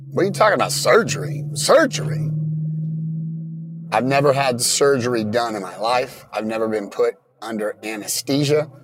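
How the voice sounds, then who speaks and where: A man's voice: medium pitch, no room sound. Man telling his own story, dry sound. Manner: plain, halting retelling with many restarts. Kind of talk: personal story told in casual talk.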